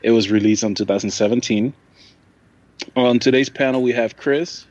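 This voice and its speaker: A man hosting a casual movie podcast with friends, loose and quick to laugh. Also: medium pitch, darkish tone, muffled recording. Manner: giggly, loose, laughs often. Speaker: podcast host. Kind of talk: casual chat.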